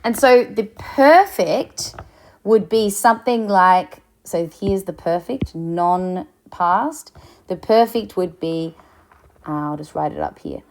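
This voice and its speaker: Slow-paced woman teaching a lesson. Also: on the low side, lively intonation, a little mellow, a little hiss or hum. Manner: slow and explanatory, with fillers and restarts. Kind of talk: recorded lecture.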